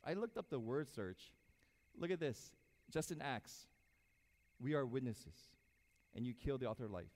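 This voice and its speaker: A man preaching a sermon as pastor, animated, swinging between loud emphasis and soft asides. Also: mid-range voice, moderate pace, pauses often. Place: church sanctuary. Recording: hall reverb.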